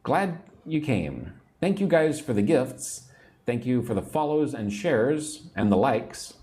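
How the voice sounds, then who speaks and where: An American man giving a livestream English lesson, repeating phrases clearly and greeting viewers by name. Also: medium pitch, big pitch swings, takes it slowly, dark tone. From United States. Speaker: English teacher.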